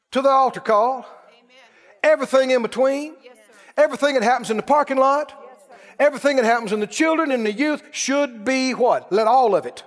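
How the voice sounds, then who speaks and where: High-voiced preacher guy, lively storytelling sermon, long hall echo. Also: fairly quick. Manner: animated storytelling, laughing at his own stories.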